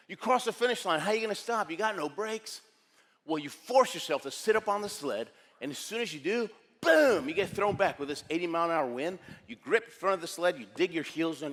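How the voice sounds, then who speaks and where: A man in his sixties delivering a motivational keynote with punchy, dramatic storytelling. His voice sits a little high for a man, and it rings with a long reverb from a large hall. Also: sing-song, moderate pace.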